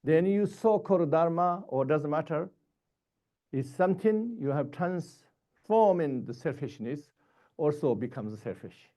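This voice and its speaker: A man giving a Buddhist dharma teaching in short, halting, repetitive phrases. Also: a little high, expressive, dull audio.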